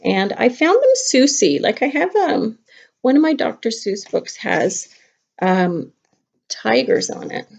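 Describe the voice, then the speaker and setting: A middle-aged kindergarten teacher chatting playfully to young children during a craft lesson at home. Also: female voice, on the high side, big pitch swings, takes it slowly, creaky, a little hiss or hum. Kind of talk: casual craft lesson to camera. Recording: dull lo-fi home video.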